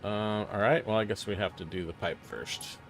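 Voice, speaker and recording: A man's voice: lowish voice, fairly even intonation, normal speed, faint music behind. A man streaming a building game, muttering half-sentences to himself and chatting casually with his viewers. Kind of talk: casual live-stream commentary while playing.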